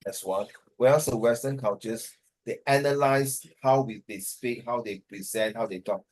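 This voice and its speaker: A man's voice: medium pitch, normal speed, darkish tone, a little hiss or hum, rough recording. A tired man teaching an online class over a video call, talking in a hesitant, rambling way and slipping into Mandarin.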